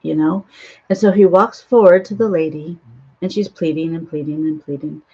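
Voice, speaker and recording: A woman with a lowish, gravelly voice tells a film's story in a loose, rambling way, often pausing and restarting. The recording sounds dull and lo-fi. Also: fairly even intonation, darkish tone. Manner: rambling, with frequent ums and restarts. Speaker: spiritual author and host. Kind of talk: casual retelling of a film.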